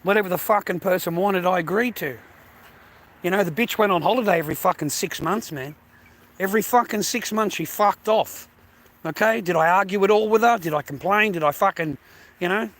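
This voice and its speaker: A man's voice: high voice, fairly quick, a bit bright. An Australian man ranting about his grievances, swearing heavily and repeating himself. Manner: aggrieved, heavy swearing, repetitive. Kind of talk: angry personal rant.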